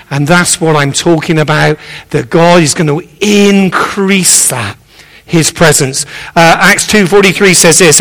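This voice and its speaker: High, bright-voiced preacher in an echoing church. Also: male voice, normal speed. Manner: earnest and encouraging, repeats key phrases. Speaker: visiting preacher. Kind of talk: sermon. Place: church sanctuary. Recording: echoey church hall.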